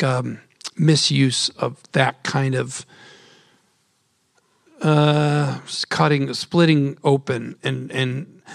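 Gravelly, higher-voiced reflective man. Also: no room sound, studio quality. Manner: reflective, thinks aloud. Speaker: actor on a panel. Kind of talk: panel conversation.

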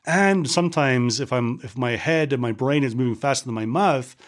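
Middle-aged man with Scottish American accent. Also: medium pitch. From Scotland. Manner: fast, at times mumbling. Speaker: podcast host. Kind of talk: solo podcast talk and book reading.

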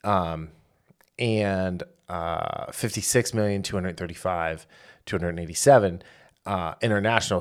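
A man co-hosting a casual podcast, reading out box-office figures with many fillers and quick self-corrections. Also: deep voice. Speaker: podcast co-host.

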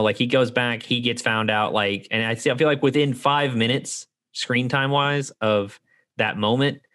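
A man in casual conversation reviewing an animated film, talking animatedly and acting out lines from the characters. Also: on the low side. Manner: animated, acts out quoted characters. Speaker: podcast co-host. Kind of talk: casual movie review chat.

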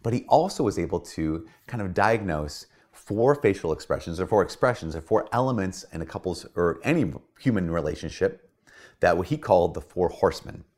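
A man, a priest, giving a casual teaching talk in a conversational, animated way. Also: deep voice, fairly quick. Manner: conversational, animated, acts out quoted voices. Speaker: Catholic priest.

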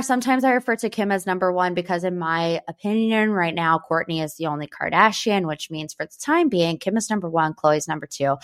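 A woman's voice: mid-range voice, fairly bright tone. Chatty young woman gossip host. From Northeast Ohio, United States. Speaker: podcast host. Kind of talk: pop culture gossip podcast.

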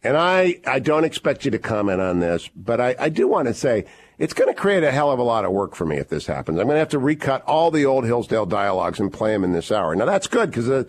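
A man hosting a radio talk show, energetic and promotional, rattling off plugs and quick asides. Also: mid-range voice.

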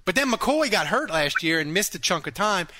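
Fan show host, man, lively high voice, bright tone, animated. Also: moderate pace, a little hiss or hum. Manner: excitable, animated, laughs often. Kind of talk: casual sports chat.

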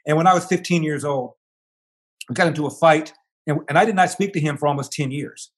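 As an interview guest, an older man with a voice on the high side talks briskly, telling a long personal story with animation and imitating the voices of the people involved.

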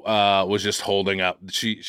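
A man's voice: fairly low pitch, a little slow, smooth, no echo, studio quality. A man with a Boston accent co-hosting a podcast, telling stories in a casual, stammering way. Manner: stammering, animated storytelling. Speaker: podcast co-host. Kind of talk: casual chat.

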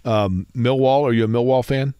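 A man's voice: medium pitch, moderate pace, smooth, no room sound, highs cut off. A man hosting a sports radio show, joking and rambling in casual banter, asking lots of questions.

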